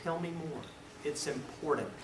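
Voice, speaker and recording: Animated man lecturing in an echoey room. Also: a little high, normal speed. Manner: animated, acts out scenes, shifts between loud and hushed. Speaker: defense lawyer teaching a seminar. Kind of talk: lecture with storytelling. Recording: echoey room, far mic, noisy.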